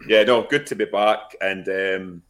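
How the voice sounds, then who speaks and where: A man's voice: on the low side, fairly even intonation, measured pace, a bit bright. A man co-hosting a casual podcast chat in a matter-of-fact way. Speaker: podcast co-host.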